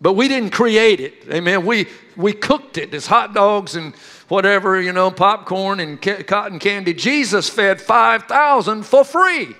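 A man with a high voice preaches to his congregation, telling stories with lively energy and calling out questions to the room. His words ring with a long reverb through a church hall. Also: a little slow. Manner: animated storytelling with questions to the congregation. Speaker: pastor. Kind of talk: sermon.

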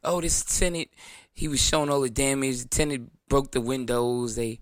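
Hosting his own show, a man with a New York accent delivers a brash, defiant, foul-mouthed monologue, imitating his critics in whiny voices. His voice is mid-range with a steady tone at normal speed, captured in clean studio sound without echo.

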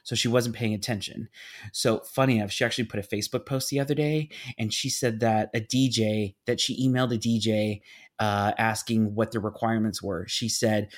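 A man in his thirties, animated and emphatic, casually telling a story on a podcast. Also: on the low side, fairly quick.

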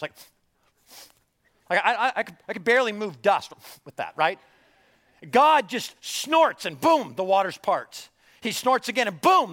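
A man preaching a sermon as a story, animated, jumping from loud bursts to hushed near-whispers. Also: high-pitched. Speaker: pastor.

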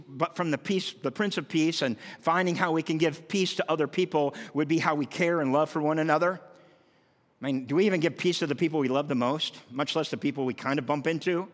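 Animated man preaching in a reverberant hall. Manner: animated, acts out scripture with rising emphatic pitch. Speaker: pastor. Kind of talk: sermon.

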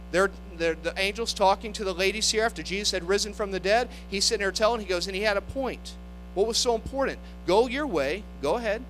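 High, bright-voiced preacher man. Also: poor audio. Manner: impassioned, acts out quoted voices. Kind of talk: sermon.

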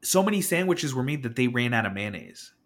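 Animated man telling a story. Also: medium pitch, fairly quick. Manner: animated storyteller, acts out quotes, swears when worked up. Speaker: podcast co-host. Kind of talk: casual chat.

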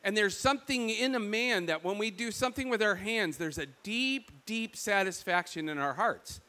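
Michigan-accented male preacher, high, bright voice, lively storyteller for a sermon. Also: moderate pace. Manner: animated storytelling, acts out quoted voices.

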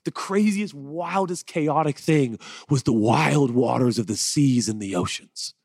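A man preaching a conversational sermon, telling personal stories in a chatty, animated way and building to excited rhetorical questions. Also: on the low side, slightly rough, dry recording. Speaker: pastor.

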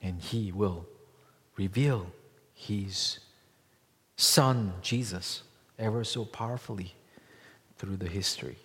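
A man's voice: fairly low pitch, slow, pauses often, fairly bright tone. Preaching man in a reverberant hall. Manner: emphatic preaching with rhetorical questions. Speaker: pastor. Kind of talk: sermon.

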